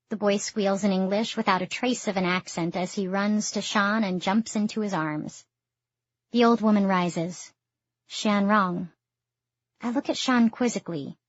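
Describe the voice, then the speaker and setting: A woman reading a first-person audiobook in a steady storytelling manner. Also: medium pitch, no room sound. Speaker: audiobook narrator. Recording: dull lo-fi dry recording.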